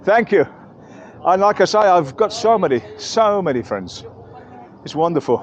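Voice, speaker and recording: A man's voice: sits high, big pitch swings, moderate pace. An English man giving a chatty, rambling walking-tour commentary outdoors in busy market streets, correcting himself as he goes. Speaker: travel vlogger.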